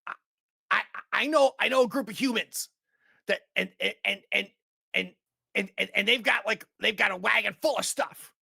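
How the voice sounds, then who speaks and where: A wounded man begs for his life in a frantic, stuttering rush, as a man acts him out. His voice jumps high and loud above his usual tone, with a gravelly rasp and a bright, tense edge. It is tabletop game role-play. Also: normal speed, heavily acted. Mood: desperate. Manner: stammering, frantic bargaining.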